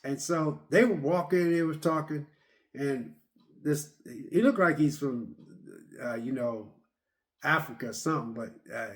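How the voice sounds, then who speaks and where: A man's voice: on the high side, unhurried. A man giving a casual, rambling movie review, retelling scenes with lots of repeats and fillers.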